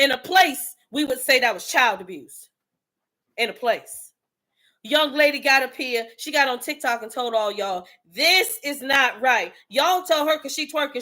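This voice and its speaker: A woman's voice: high-pitched, pushed and bright. A woman host delivering an impassioned motivational rant in a fiery, preachy manner. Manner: fiery, preachy, street-talking.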